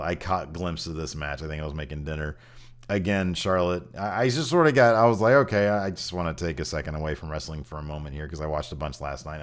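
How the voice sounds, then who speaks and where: A man's voice: deep voice, fairly bright tone. A man hosting a wrestling podcast, giving a blunt, opinionated recap in casual chat and swearing freely.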